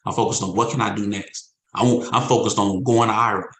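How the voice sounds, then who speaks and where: A man's voice: on the low side, steady tone, fast talker, a bit bright, reverberant, poor audio. A man leading an insurance sales team in a motivational talk, speaking in a conversational, emphatic way and repeating his points. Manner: repetitive, emphatic, conversational preaching.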